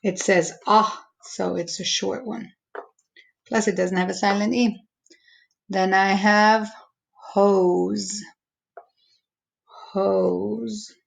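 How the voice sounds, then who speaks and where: A woman teacher slowly walking young students through a phonics lesson, stretching out each word's sounds. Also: medium pitch, fairly even intonation, gravelly, low-quality recording. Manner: slow, patient, stretching out each word sound.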